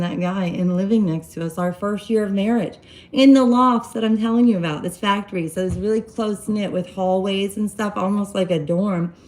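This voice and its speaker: A woman casually telling a personal story to her live-stream viewers, rambling and animated, acting out quoted dialogue. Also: mid-range voice, low-quality recording. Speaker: live-stream host giving relationship advice.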